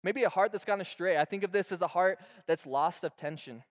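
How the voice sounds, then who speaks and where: A young male pastor delivering a sermon in a loose, slangy way, full of "bro" and "like." He acts out scenes with quick bursts of energy. His voice sits fairly high for a man. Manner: casual, slangy and animated, acting out stories.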